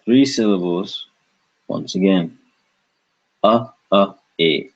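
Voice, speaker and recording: A man's voice: sits low, takes it slowly. A man teaching a language lesson, patiently repeating each syllable several times. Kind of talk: slow spoken language lesson. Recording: dull lo-fi recording.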